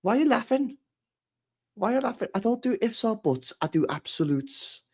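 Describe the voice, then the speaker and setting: A man putting on a high, indignant voice of a football pundit who insists on absolutes and repeats himself. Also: big pitch swings, moderate pace, darkish tone, exaggerated voice.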